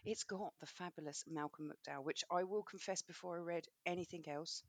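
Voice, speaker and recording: A woman's voice: on the low side, fairly quick, dry recording. A woman co-hosting a podcast, chatting casually with a lot of swearing and laughter. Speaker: podcast co-host. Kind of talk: casual chat.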